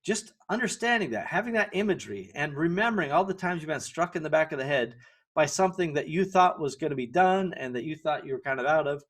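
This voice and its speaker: A man's voice: a little high, expressive, quick pace. A middle-aged man hosting a podcast and giving a solo business lesson in a conversational way, often checking in with the listener. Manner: conversational, keeps asking "right?" to the listener; self-correcting, with fillers and restarts. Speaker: podcast host.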